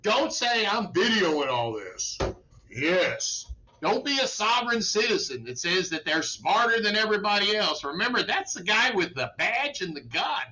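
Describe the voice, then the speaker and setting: Folksy attorney in his sixties, high bright voice, emphatic, casual advice talk. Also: sing-song, normal speed, a little hiss or hum, poor audio. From Texas. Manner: folksy, emphatic, keeps asking "okay?". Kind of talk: informal legal advice talk.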